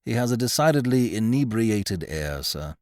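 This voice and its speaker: A grave, unflappable valet answers in a very low, measured murmur, as the narrator puts him on. His voice is deferential and calm, recorded close and dry. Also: no echo. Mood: composed.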